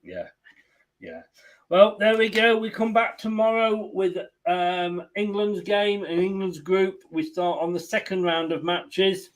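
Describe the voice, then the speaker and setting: A man's voice: sits high, fairly even intonation, a little slow. A man hosting a football watchalong stream, chatting casually, teasing and laughing often. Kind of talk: casual chat.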